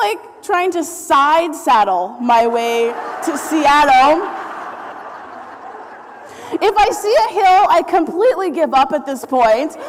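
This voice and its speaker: A woman in her thirties giving a talk, telling a story in an animated way, acting out quotes and laughing often. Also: high voice, a little hiss or hum. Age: 30s. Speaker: speaker. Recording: hall reverb.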